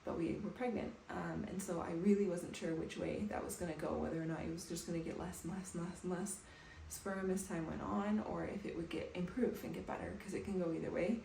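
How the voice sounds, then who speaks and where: Calm woman vlogging in an echoey room. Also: fairly low pitch, a little fast, gravelly, hardly any pauses. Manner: soft, calm, reflective. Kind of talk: personal vlog talking to camera. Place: bathroom at home, indoors. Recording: echoey room with faint background noise.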